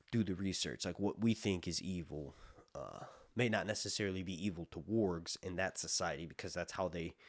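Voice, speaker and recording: Casual male podcaster, low-pitched, dry close mic, rambling delivery. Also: dry recording. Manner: rambling, full of fillers and casual swearing. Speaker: podcast host. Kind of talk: casual lore commentary.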